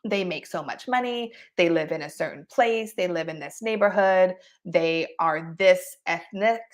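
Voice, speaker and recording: A woman's voice: lowish voice, a little slow. A woman teaching an online marketing coaching session, talking expressively and with emphasis, often laughing between points. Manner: expressive, emphatic, acts out examples.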